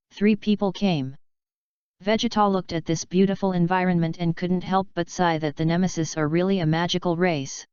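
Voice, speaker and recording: A woman narrates an audiobook in a steady, flat reading. Her voice is lowish and very smooth. The recording is dry and a bit lo-fi. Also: no room sound.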